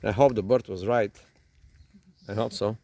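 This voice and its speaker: A man's voice: fairly low pitch, steady tone, moderate pace, warm tone. A man with a non-native English accent hosting a vlog, chatting casually and teasing in a mock-announcer way. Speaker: vlog host. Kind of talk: casual joking chat. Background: birds calling.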